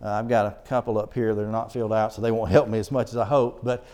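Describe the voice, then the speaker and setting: A middle-aged man preaching a sermon in church. He reads scripture slowly and presses his points with earnest emphasis. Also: fairly low pitch, steady tone, a little mellow.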